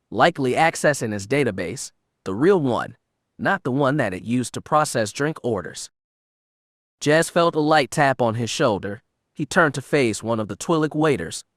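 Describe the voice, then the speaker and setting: Male audiobook narrator, mid-pitched, measured, dry close mic. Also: a bit bright, no room sound. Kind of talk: scripted narration.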